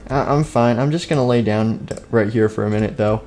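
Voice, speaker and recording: A man's voice: fairly low pitch, a little fast, dark tone. A young man hosting an improvised game role-play, talking casually with lots of fillers and playful humming. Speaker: gaming channel host.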